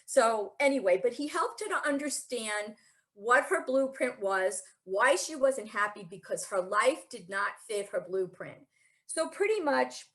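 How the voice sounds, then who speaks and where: A woman giving a conversational talk at a spiritual center, retelling stories in a relaxed way with fillers and restarts. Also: fairly high pitch.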